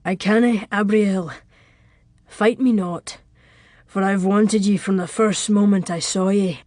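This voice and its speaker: A woman voicing a proud, intense Scottish nobleman who speaks low with a thick burr in an audiobook. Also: no room sound, clean studio sound, natural voice. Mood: ardent. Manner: low and measured, softly insistent. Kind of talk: audiobook character voice.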